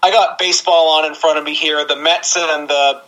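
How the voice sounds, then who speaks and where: A man from Canada co-hosting a wrestling podcast in relaxed casual chat, laughing easily. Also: fairly high pitch, moderate pace, low-quality recording. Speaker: podcast co-host.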